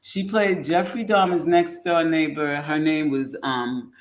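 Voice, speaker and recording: A woman hosting a casual commentary show, rambling and halting with many ums. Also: low-pitched, fairly even intonation. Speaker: host.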